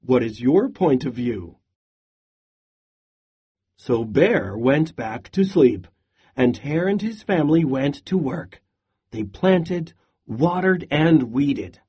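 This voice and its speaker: A man reads a children's story aloud, stopping to pose reading questions like a teacher. His voice is fairly high and very lively in pitch, paced slowly and with a slightly husky texture. The recording sounds dull and lo-fi. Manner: slow, expressive storytelling.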